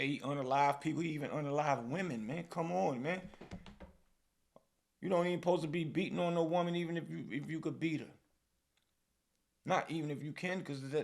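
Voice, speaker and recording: A man with a New York accent hosting a podcast, giving casual, animated commentary and often tacking "man" or "bro" onto his lines. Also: a little high, vocal fry. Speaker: podcast host.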